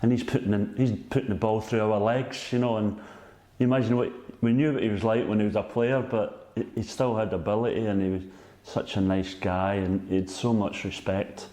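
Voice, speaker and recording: Give me a Scottish man in his sixties who rambles through his stories and keeps checking in with "you know what I mean?". He has a low, mellow voice. The room gives it a clear echo. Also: fairly even intonation, fairly quick. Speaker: guest, former footballer. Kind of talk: casual anecdote telling.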